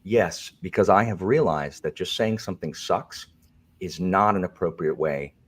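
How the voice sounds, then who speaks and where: A man's voice: deep voice, moderate pace. A man hosting a video call chat in a stiff, overly proper and polite manner. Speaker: host.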